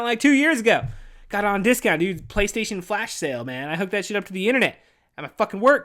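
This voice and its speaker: Young male podcast host, high-pitched, profane, rambling rant style. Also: fairly bright tone. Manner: ranting, swears constantly, says "dude" a lot. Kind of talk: casual profane monologue. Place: indoors at home.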